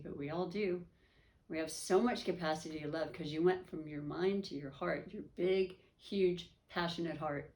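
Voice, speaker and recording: A woman's voice: lowish voice, normal speed, darkish tone. A woman giving a casual, rambling tarot reading, emotional and often correcting herself. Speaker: tarot reader.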